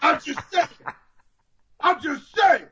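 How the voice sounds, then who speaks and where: A man putting on the voice of an unhinged male wrestling commentator who wishes diseases on people, shouting in a loud drawl. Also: very high voice, slow pace, far from the mic, very noisy, pitched above the performer's own voice. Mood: ranting.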